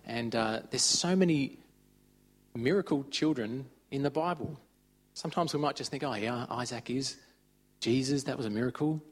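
A man's voice: mid-range voice, moderate pace. A man giving an informal, conversational sermon. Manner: conversational, chatty retelling of stories. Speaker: preacher.

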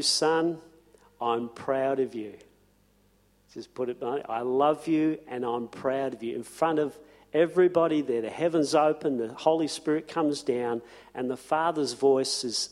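Slow-speaking man preaching in a hall. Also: medium pitch, a little mellow. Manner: conversational, chuckling, repeats phrases for emphasis. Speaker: pastor. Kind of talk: sermon. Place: church.

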